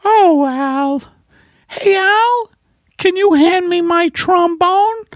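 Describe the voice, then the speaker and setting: A man voicing a cheery older wife with a high, sing-song voice in a comedy bit. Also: extremely slow, dry recording, full character voice. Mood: chirpy.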